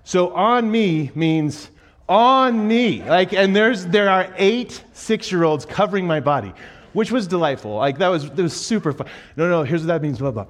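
A man preaching a sermon in a church, telling a funny story with lively acted-out quotes before turning to his teaching. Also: fairly high pitch, a little fast. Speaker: pastor. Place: church auditorium.

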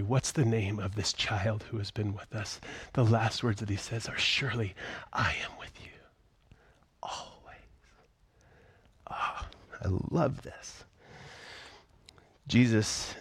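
A middle-aged man preaching a sermon in a conversational way, dropping to hushed whispers on key phrases. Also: on the low side, breathy edge, no echo. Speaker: pastor.

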